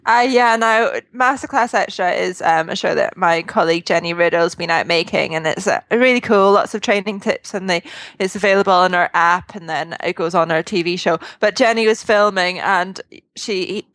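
A woman's voice: lowish voice, moderate pace, a bit bright, no echo. A woman from Scotland's East Coast with a Scottish accent, chatting casually as a podcast guest, laughing often and filling with ums. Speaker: guest, equestrian magazine journalist.

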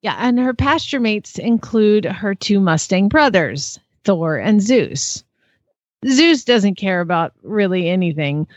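A woman's voice: medium pitch, lively intonation, takes it slowly, no echo, dull audio. A woman co-hosting a casual podcast, reading ads aloud in a dry, mocking way. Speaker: podcast co-host.

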